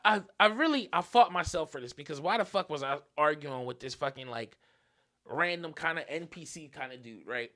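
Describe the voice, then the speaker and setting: A young man hosting a podcast, telling a story in an animated, profane, casual rant. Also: fairly high pitch, moderate pace. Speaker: podcast host.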